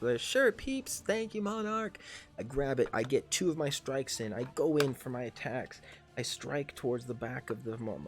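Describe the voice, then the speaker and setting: A man in his thirties running a tabletop game on a livestream, excitable and swearing constantly as he narrates and shouts battle cries. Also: mid-range voice. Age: 30s. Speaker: game master and player.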